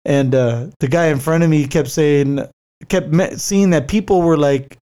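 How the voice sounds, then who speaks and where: A man's voice: fairly high pitch, measured pace, dark tone. A man casually telling a rambling travel story, swearing freely, with lots of fillers and restarts, and laughing easily. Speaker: traveler recounting a work trip.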